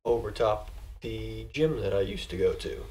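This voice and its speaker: A man playing a tabletop game, talking in a laid-back, drawn-out way. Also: lowish voice, darkish tone, faint music behind. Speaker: player. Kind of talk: casual chat at a game table. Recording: mic a bit far off.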